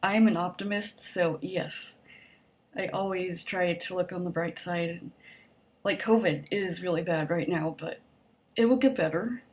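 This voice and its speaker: Young adult woman, casual vlogger answering a survey, a bit lower-pitched, optimistic, loose and chatty with filler words. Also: measured pace. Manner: chatty, upbeat, optimistic, frequent "like" and "um". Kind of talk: casual survey vlog, reading questions and answering.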